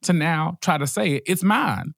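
A man co-hosting a podcast in casual chat, animated and joking, sometimes breaking into preacher-style bits. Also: fairly high pitch, moderate pace, gravelly, no room sound, studio quality. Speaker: podcast co-host.

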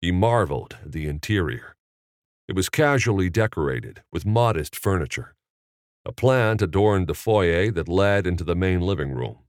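A man narrating an audiobook chapter in a measured, expressive reading. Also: low-pitched, no room sound, clean studio sound. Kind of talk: scripted narration.

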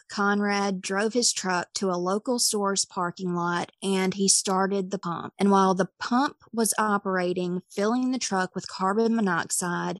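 Young woman, casual true crime podcast host type, chatty and quick through quoted texts, mid-pitched voice, dry close sound. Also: no room sound.

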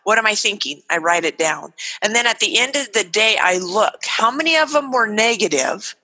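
A woman in her forties speaks with a bright, forceful voice, playing out little scenes between parent and child. She is very animated and lively. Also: medium pitch, normal speed, low-quality recording. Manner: animated, acts out parent dialogue. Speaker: guest author and parenting speaker. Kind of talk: animated interview talk.

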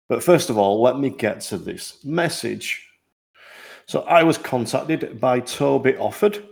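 An upbeat man hosts a podcast in a mid-pitched, everyday voice. He jokes at his own expense, and his pitch jumps up brightly on the lines he stresses. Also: measured pace, gravelly. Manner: upbeat and self-deprecating, with lively jumps in pitch. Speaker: podcast host. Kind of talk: podcast hosting.

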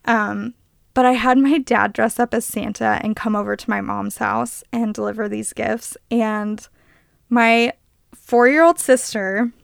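A woman's voice: fairly high pitch, steady tone, a little slow, vocal fry, smooth, no room sound, studio quality. A woman in her twenties co-hosting a podcast, telling stories in casual chat with lots of "like" fillers. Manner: chatty storyteller, many "like" fillers. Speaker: podcast co-host.

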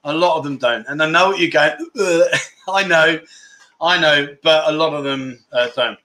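Chatty livestream host, bright voice. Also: male voice, a little high, normal speed. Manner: chatty, rambling, reads out viewer messages and tells anecdotes. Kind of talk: casual livestream chat reading viewer comments.

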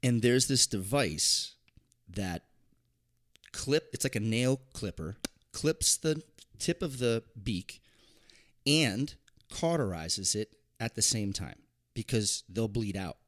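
A man chatting casually as a podcast co-host, telling a story in a relaxed, conversational way. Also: fairly low pitch, slow pace. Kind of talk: casual chat.

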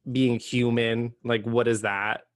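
A man's voice: mid-range voice, flat delivery, takes it slowly, no room sound, clean studio sound. A man co-hosting a casual podcast chat, campy and playful, calling listeners honey. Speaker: podcast co-host.

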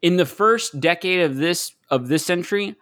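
Man, podcast co-host, slightly high voice, laughs a lot, rhetorical questions, swears. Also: lively intonation, moderate pace, a bit bright. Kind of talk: casual chat.

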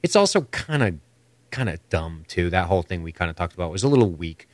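A man with a fairly low voice in a casual podcast chat, rambling through his opinions and swearing freely. The sound is dry and close. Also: very animated, fast talker, no room sound. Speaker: podcast co-host.

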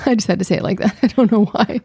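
A woman's voice: mid-range voice, fast, gravelly, dark tone, breathy edge, no room sound, clean studio sound. A woman co-hosting a podcast in casual, playful chat with her wife. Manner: playful, teasing, chatty. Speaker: podcast co-host.

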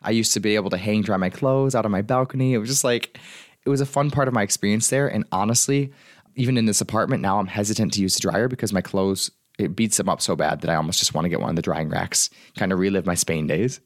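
A man's voice: lowish voice, steady tone, fast, no echo, clean studio sound. A young man, a life coach, talking casually and rambling with lots of fillers from his apartment. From United States. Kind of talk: casual solo talk.

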